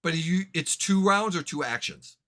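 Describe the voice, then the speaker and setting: Male GM, bright and slightly high voice, halting rulings at the table. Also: animated. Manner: halting, self-correcting rulings. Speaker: game master. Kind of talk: running a tabletop game.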